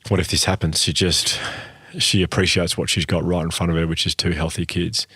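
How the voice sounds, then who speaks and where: Fast-talking deep-voiced Australian man. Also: flat delivery, sharp tone, breathy edge, no room sound, studio quality. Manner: earnest, explanatory, speaks in long runs. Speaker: podcast co-host, speaker on gratitude. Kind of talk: casual podcast chat.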